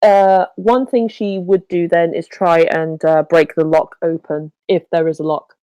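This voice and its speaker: A woman's voice: fairly low pitch, steady tone, unhurried, mellow, clean tone, no echo, poor audio. A woman playing a tabletop game in casual chat, hesitant, with many ums and cheerful swearing. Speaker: player.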